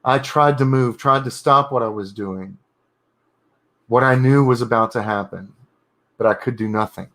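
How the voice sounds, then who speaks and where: A man reading his own horror story draft aloud, pausing in halting bursts to correct his wording and comment on it. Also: mid-range voice, fairly bright tone. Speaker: writer streaming his editing.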